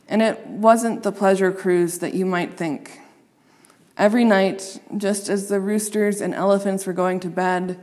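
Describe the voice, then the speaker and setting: A woman reads a children's story aloud at a slow, unhurried pace. She plays up the sound words with relish. Her voice rings with a long reverb. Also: medium pitch. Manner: expressive, playing up sound words.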